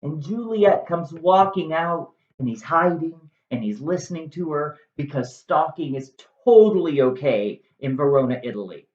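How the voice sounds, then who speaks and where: A woman's voice: sits low, expressive, moderate pace, hardly any pauses, darkish tone. Sarcastic woman summarizing a play. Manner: sarcastic, chatty. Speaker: teacher-style storyteller. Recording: echoey room, slightly dull.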